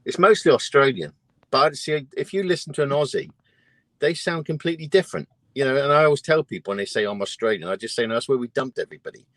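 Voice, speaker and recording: A man's voice: medium pitch, fast, a bit bright, no room sound. A British man, a guest trucker, chatting casually and often laughing through his stories. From Britain. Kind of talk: casual chat.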